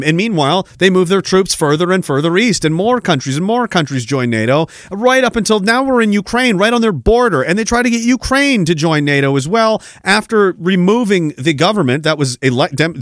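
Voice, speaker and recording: A man's voice: on the high side, no echo, clean studio sound. A man hosting a podcast, delivering heated, sarcastic political commentary with plenty of swearing. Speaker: podcast host.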